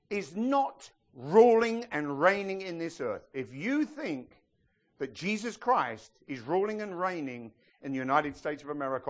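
Lively preaching man. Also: a little high. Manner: lively preacher, asks the congregation questions, jokes and laughs. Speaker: pastor. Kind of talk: sermon.

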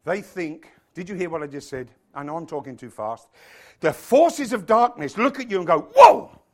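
A man preaching a sermon, animated, acting out voices and swinging from loud exclamations to hushed asides. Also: on the high side, moderate pace.

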